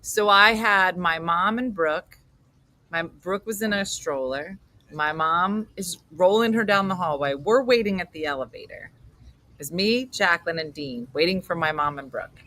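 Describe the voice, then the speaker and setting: A middle-aged woman hosting a morning comedy show, telling a story with animated acted-out voices. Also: on the low side, normal speed. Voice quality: animated, acts out voices in stories.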